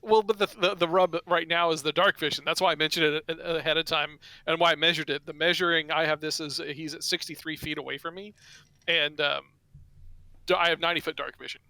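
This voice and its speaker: Gravelly man thinking through his turn. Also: fairly high pitch, steady tone, fast, bright, forceful tone, dry recording. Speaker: player. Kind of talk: casual tabletop game chat.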